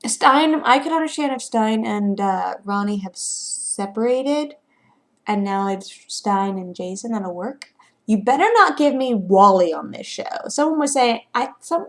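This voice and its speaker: A young woman vlogging her reaction, rambling and fretful, now and then dropping into whispered asides. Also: medium pitch. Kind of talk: casual reaction vlog.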